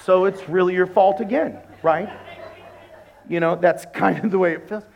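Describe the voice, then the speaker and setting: A middle-aged man preaching a sermon as a pastor, telling humorous stories and acting out conversations in a lowered voice. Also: moderate pace, creaky, highs cut off. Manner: animated, humorous storytelling that acts out dialogues in a lowered voice.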